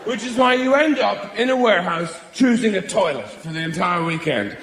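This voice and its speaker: Exasperated rambling stand-up man, lively pitch. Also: normal speed, background noise. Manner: rambling, exasperated, mock-indignant. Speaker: stand-up comedian. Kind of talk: stand-up routine. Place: large theatre stage before a live audience. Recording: echoey hall with audience laughter.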